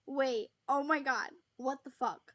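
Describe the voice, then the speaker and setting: A woman chatting on a video call, gushing and excitable, swearing in surprise. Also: high voice, measured pace, slight background noise. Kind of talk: casual chat.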